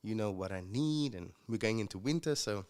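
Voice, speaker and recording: A man from Africa, a podcast guest telling his story in a casual, reflective way, pausing with fillers and restarts. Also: fairly low pitch, lively intonation, darkish tone, clear, resonant tone. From South Africa.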